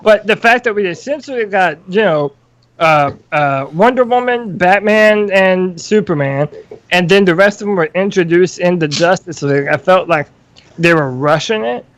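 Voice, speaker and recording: A man hosting a podcast in a measured, thoughtful chat, laying out his view and asking the others for theirs. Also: sits high, fairly bright tone, no room sound. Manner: measured, thoughtful, poses questions. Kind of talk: casual chat.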